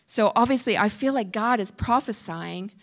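A woman preaching at a retreat, earnest and emphatic, sometimes dropping to a hushed voice. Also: mid-range voice, moderate pace, gravelly. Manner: earnest, emphatic, drops to a hush for prayer. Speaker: retreat speaker. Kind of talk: sermon.

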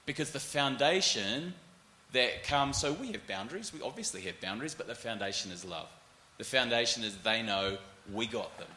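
A man in his forties with a New Zealand accent, telling animated stories as a panelist and acting out other people's voices. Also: mid-range voice, normal speed, roomy sound, a little hiss or hum. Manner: animated, acts out voices in anecdotes. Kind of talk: storytelling panel talk.

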